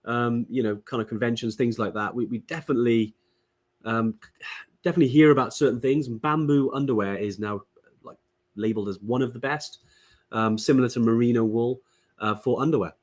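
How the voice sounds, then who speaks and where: A man from Wales co-hosting a relaxed live stream, his voice sitting at an ordinary middle pitch. He talks in a loose, chatty way, full of ums and restarts, as he greets viewers and shares tips. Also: fairly quick. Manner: chatty, many fillers and restarts. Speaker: podcast co-host. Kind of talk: casual live-stream chat.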